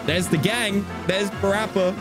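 A young man giving casual, joking commentary as he plays a video game, excitable and quick to laugh. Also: high voice. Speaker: gaming YouTuber. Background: game music.

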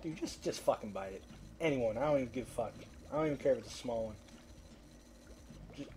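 A man's voice: mid-range voice, expressive, a little fast, pauses often, a little mellow. A man giving casual let's-play commentary, swearing and trash-talking the fish as he pleads with them to bite. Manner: profane, trash-talks the fish; coaxing and pleading, then frustrated. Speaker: gameplay commentator.

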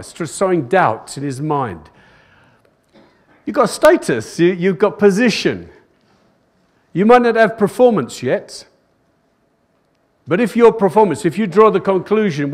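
Preaching at a live-recorded church service, an older pastor speaks a little slowly with long pauses, his high voice swinging widely in pitch. He repeats phrases for emphasis and calls "Amen?" to his congregation.

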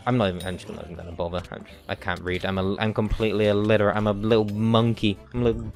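A man's voice: lowish voice, flat delivery, rapid-fire, creaky, soft background music. A man, a game streamer chatting casually live, joking and whining in a mock-dramatic way at his chat.

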